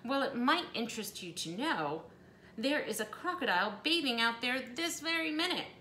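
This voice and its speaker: Casting: shrill, bright, easily panicked prim lady neighbor, put on by a woman reading a storybook, echoey room. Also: sing-song, moderate pace, slight background noise. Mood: officious. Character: fussy shrieking prim older lady neighbor. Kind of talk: storybook read-aloud.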